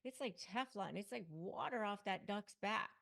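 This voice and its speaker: A woman's voice: mid-range voice, expressive, moderate pace, vocal fry, fairly bright tone. A middle-aged woman, a lawyer and coach, giving motivational advice straight to camera with emphatic, punchy repeated phrases.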